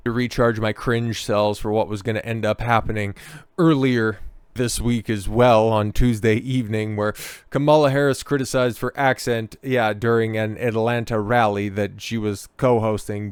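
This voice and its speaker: A man's voice: mid-range voice, clean tone, dry recording. A man hosting a political commentary vlog, sarcastic and full of mocking asides.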